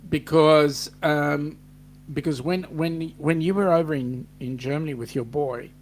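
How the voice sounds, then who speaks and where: A man's voice: on the high side, steady tone, unhurried, a little hiss or hum. A man with an Australian accent hosting a live chat, rambling and reading out viewer comments. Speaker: host.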